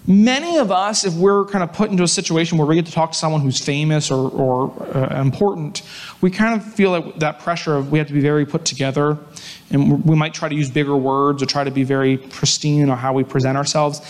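A man preaching a sermon in a conversational, animated storytelling way, with asides to his listeners. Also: fairly high pitch, a little fast. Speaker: pastor.

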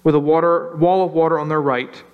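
A man preaching a sermon in a conversational way, slowing down to stress key lines and briefly acting out anxious voices. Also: fairly high pitch, steady tone, smooth, phone-quality sound. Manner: conversational, acts out worried voices, slows for emphasis. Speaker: pastor.

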